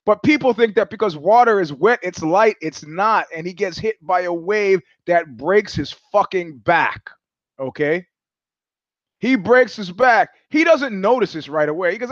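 Casting note: New man, high voice, dry close sound, sardonic profane podcast host. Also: measured pace, no echo, dull audio. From New York. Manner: profane, sardonic, animated storyteller who acts out voices. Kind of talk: casual monologue, storytelling.

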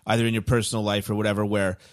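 A thoughtful man hosting a casual podcast, hedging his points and laughing easily along the way. His voice sits fairly low. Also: flat delivery, racing. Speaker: podcast host. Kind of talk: casual hockey podcast chat.

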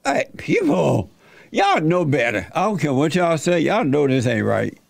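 A male talk show host with a gravelly, somewhat high voice that swings widely up and down. He talks bluntly and teases his guests mockingly. The sound is dry and close. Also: huge pitch swings, measured pace, dry recording. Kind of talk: provocative studio chat.

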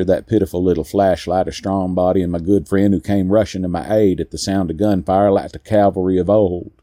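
A man narrating a first-person story in a slow, deliberate way with weighty pauses. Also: low-pitched, dark tone, no room sound, clean studio sound.

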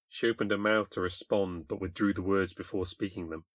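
British man, low voice, dry close sound, wry confessional story narration. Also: fairly even intonation, brisk, no echo. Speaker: podcast host and narrator. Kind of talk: scripted first-person storytelling.

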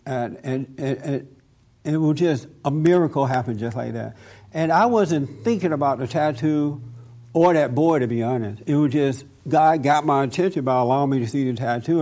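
A man recounts a faith story in an easygoing, conversational way. His voice is gravelly and dark in tone. He slips into the other person's lines as he retells the exchange. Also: medium pitch. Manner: relaxed storytelling, acts out both sides of a dialogue. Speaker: Christian speaker telling a testimony. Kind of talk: spoken testimony, storytelling.

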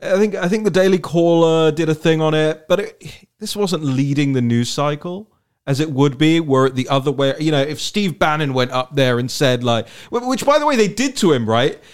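A man hosting a political talk show, talking in an animated, rambling way and often repeating words as he thinks aloud. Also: a little high, normal speed, clean tone. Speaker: podcast host.

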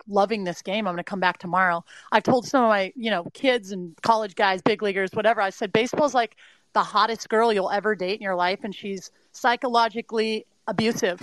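A woman's voice: mid-range voice, a bit bright, no echo, poor audio. Middle-aged woman giving earnest pep-talk advice to athletes, lots of you-knows, dry close sound. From California. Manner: earnest, emphatic, coaching tone with many "you know" fillers. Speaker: mindset and performance adviser. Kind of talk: interview guest, motivational talk.

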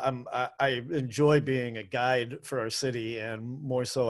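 A man hosting a solo podcast, talking in a chatty, rambling, self-deprecating way with plenty of fillers. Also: medium pitch. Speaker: podcast and radio host, food tour guide. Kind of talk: casual solo podcast monologue.

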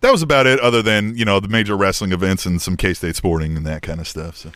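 A man's voice: low-pitched, quick pace, dry recording, clean studio sound. A middle-aged man co-hosting a podcast, telling a story in casual chat and tagging "right?" onto his sentences. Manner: animated storytelling, keeps asking "right?". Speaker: podcast co-host.

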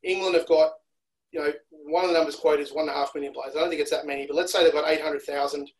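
Male analyst guest from Australia, casual podcast chat, slightly raised pitch, analytical delivery. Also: steady tone, fast talker, low-quality recording. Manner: analytical, repeats words when restarting.

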